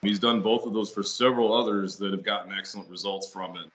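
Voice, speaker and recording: A middle-aged man with a lowish voice chats loosely as a podcast guest. He rambles, restarts his sentences and swears freely, heard over a video call. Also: fast talker, few pauses, fairly bright tone, lo-fi sound. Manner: rambling, profane, many fillers and restarts. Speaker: guest, ritual seller. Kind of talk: casual podcast conversation.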